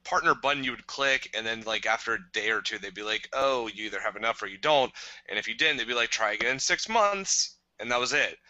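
A man in casual podcast conversation with a strikingly bright, edgy voice. He is recorded close and dry, with no room sound. He talks in loose, rambling runs and breaks into laughter often. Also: medium pitch, lively intonation, dry recording, highs cut off. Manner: chatty, laughs often, drawn-out rants. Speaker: podcast co-host.

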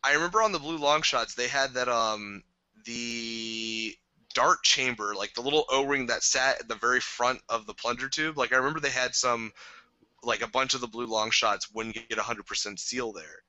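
A man co-hosting a podcast, ranting in an animated, casual way. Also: mid-range voice, moderate pace, dry recording, lo-fi sound. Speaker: podcast co-host. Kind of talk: casual chat.

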